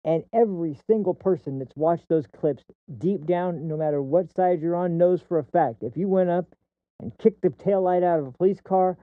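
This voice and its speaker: A man hosting a political commentary stream, ranting with heat and frequent swearing, stumbling and restarting as he pushes his points. His voice sits a little high for a man. The audio is dry and thin, like it comes down a phone line. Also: normal speed, no room sound. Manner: heated, profane ranting; repeats and restarts words mid-sentence. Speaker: streamer host.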